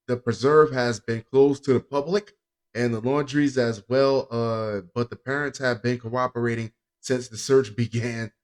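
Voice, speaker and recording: A man's voice: medium pitch, darkish tone. Rambling, chuckling male podcast host. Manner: rambling, chuckling, loose and joking. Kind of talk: casual chat.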